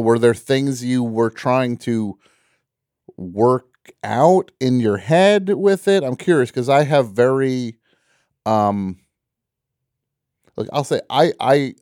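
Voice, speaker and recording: A man's voice: medium pitch, mellow, no room sound, studio quality. A man hosting a call-in radio show, chatting in a rambling way with lots of fillers and restarts. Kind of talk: casual call-in radio chat.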